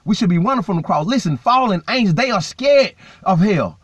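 A man's voice: high voice, very animated, fairly quick, few pauses, a bit bright, husky, no room sound. A man preaching a sermon, repeating phrases and checking in with "right?" and "man". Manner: repetitive, emphatic, frequent "right?" and "man"; conversational, self-correcting. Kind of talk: street-style sermon.

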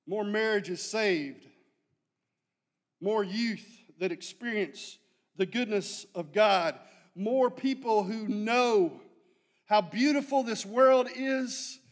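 A man delivers a sermon as a guest preacher. He talks in a folksy, storytelling way and builds his points by repeating phrases. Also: high voice.

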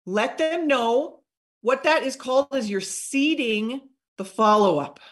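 A woman giving an energetic live training on sales follow-up, acting out short sample conversations in an upbeat voice. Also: a little high, a little slow. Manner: energetic, upbeat coaching with acted-out sample dialogue. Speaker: network marketing trainer.

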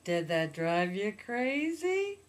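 A young woman chatting casually about a movie, playful and teasing, dropping into hushed asides. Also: mid-range voice, sing-song, slow pace. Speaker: movie reviewer. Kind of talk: casual comedic chat.

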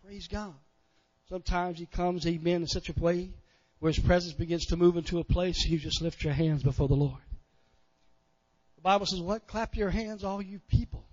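A man preaching a sermon as pastor, folksy and repeating amen, swelling louder on key phrases. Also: fairly high pitch, fairly even intonation, moderate pace. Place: church sanctuary. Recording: dull church recording with long reverb.

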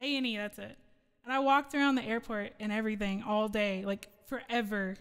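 A woman's voice: medium pitch, fairly even intonation, a little fast, clear, resonant tone, long reverb tail. A woman streamer chatting casually with viewers between song requests, rambling and laughing often. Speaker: streamer and singer.

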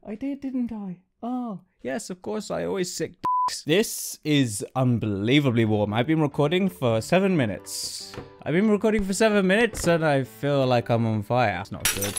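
A man's voice: a little high, big pitch swings, a little slow, over music. A man doing exasperated, self-mocking gameplay commentary, yelping often. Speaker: gaming YouTuber. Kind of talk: game commentary.

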